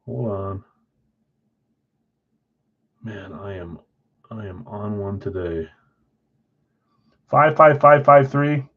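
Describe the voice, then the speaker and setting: This card break streamer speaks extremely slowly in a lowish voice, leaving long pauses as he chats with viewers and makes fun of himself. His slightly dull, lo-fi stream audio suits the casual live-stream talk.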